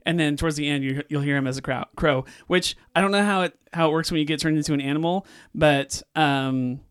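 Chatty podcast co-host, smooth voice. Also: male voice, on the high side, steady tone, a little fast. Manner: eager, chatty, hedging with "like". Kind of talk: casual chat.

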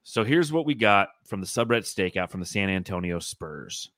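A man's voice: deep voice, big pitch swings, a little slow, fairly bright tone, no echo, clean studio sound. A man hosting a casual sports podcast, telling rambling, profane stories and reading fan comments aloud. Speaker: podcast host.

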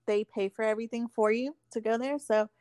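A young woman in her twenties, a podcast guest, chatting casually and acting out her stories with lively quoted voices. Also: on the high side, fairly quick, dry recording. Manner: animated storyteller acting out quotes, giggly. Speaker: podcast guest, former pro cheerleader. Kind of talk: casual chat.

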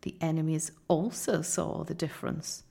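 A woman reading a children's novel aloud in a measured, dramatic storytelling manner. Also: sits low, fairly even intonation, gravelly, dark tone. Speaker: audiobook narrator.

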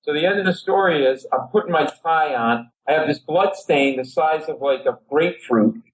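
A middle-aged man from Rhode Island spins a comic anecdote on a talk show. His voice sits a touch high for a man, and he jumps into other people's voices as he tells it. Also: moderate pace, poor audio. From Rhode Island, USA. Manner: lively anecdote teller who acts out other people's voices. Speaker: comedian guest. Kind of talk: animated storytelling on a talk show.

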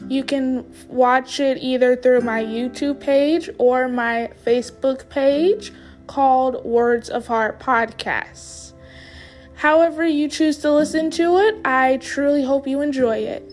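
Higher-voiced friendly podcast host woman. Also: fairly even intonation, takes it slowly, soft background music. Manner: friendly, polite, some filler ums. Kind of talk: podcast interview.

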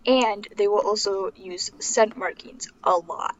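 A woman with a medium-pitched voice co-hosts a podcast at a measured pace, chatting casually and sharing facts with plenty of filler words. The lo-fi recording sounds slightly dull and carries a faint hiss.

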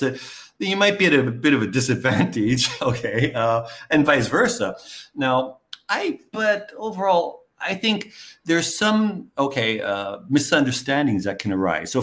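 A man's voice: mid-range voice, fairly bright tone. A middle-aged man from New York, a guest and English teacher, talking casually in an interview with lots of fillers like "okay" and "you know". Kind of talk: conversational interview.

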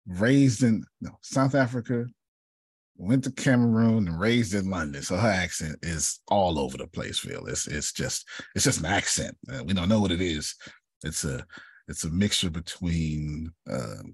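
A man giving a motivational talk to a group, telling a personal story, calling on listeners by name and often clearing his throat. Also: sits low, no echo. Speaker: speaker leading a group session.

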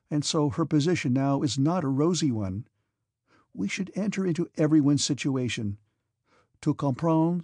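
A man reading aloud and voicing a gentle, earnest young noblewoman who speaks softly and pleads with her brother. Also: on the high side, no echo, studio quality, pitched above the performer's own voice.

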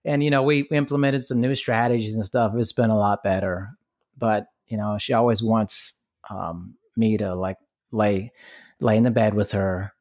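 A man's voice: fairly low pitch, steady tone, normal speed, darkish tone. A man hosting a podcast, chatting casually and easily sharing his own family anecdotes. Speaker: podcast host. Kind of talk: casual chat.

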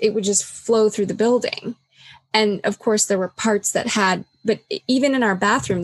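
Here she sounds breathy-edged in her mid-range voice, with no echo in the recording. The conversation stays casual, reflective and candid, full of fillers like "like" and acted-out bits of dialogue.

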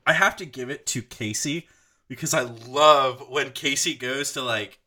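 A man co-hosting a casual podcast chat, animated and profane, joking with his friends. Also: medium pitch, unhurried. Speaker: podcast co-host.

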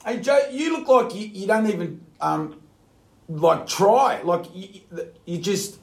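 A man with an Australian accent hosting a radio chat, excitable and full of blokey banter. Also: high-pitched, takes it slowly, creaky, roomy sound. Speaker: radio host. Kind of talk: casual radio interview.

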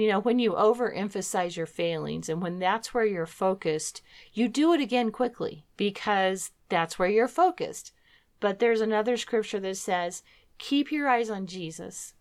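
A middle-aged woman co-hosting a faith talk program, sharing a personal testimony in an earnest storytelling manner. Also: mid-range voice. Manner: earnest storytelling, acting out her own past words. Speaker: co-host of a Christian talk program.

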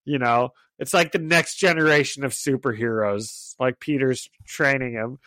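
A man co-hosting a casual podcast, recapping comics in an animated way and laughing often. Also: medium pitch, moderate pace, dry recording. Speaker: podcast co-host.

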